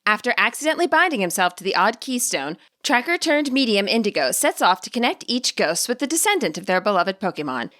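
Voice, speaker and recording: Woman storyteller, expressive reading, bright tone. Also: medium pitch, fast, hardly any pauses. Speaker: narrator and channel host. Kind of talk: storytelling narration.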